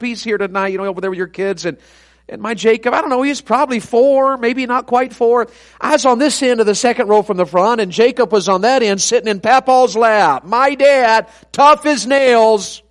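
A man's voice: very high-pitched, brisk. A middle-aged man, an evangelist preaching a sermon full of folksy, self-deprecating family stories.

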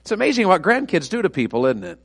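A man's voice: high-pitched, wildly swooping pitch, quick pace, a bit bright, slightly rough. A middle-aged man, an evangelist preaching a sermon full of folksy, self-deprecating family stories.

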